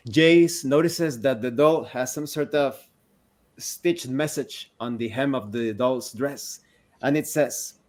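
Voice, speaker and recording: A man narrating a tabletop game as game master in a slow, deliberate way. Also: mid-range voice.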